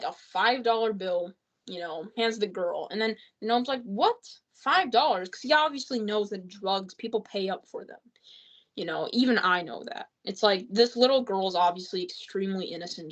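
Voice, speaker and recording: A woman's voice: medium pitch, moderate pace, dull audio. A woman giving a rambling, exasperated spoken movie review, full of fillers and restarts.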